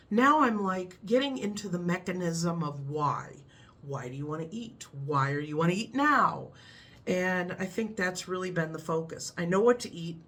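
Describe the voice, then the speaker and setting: A woman's voice: mid-range voice, a bit bright. A middle-aged woman with a Midwestern American accent, chatting casually to camera in a rambling way and laughing at her own stories. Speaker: vlogger.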